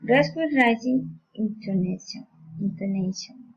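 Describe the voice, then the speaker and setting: Slow careful woman reading drills. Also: breathy edge. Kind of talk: reading intonation practice sentences. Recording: muffled low-fidelity recording.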